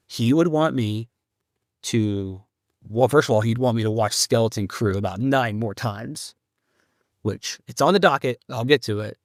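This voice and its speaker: A man's voice: mid-range voice, no room sound. Sad guy rambling through a podcast update, stops and starts a lot, dry close sound. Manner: halting, rambling, grieving. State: grieving. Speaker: podcast host.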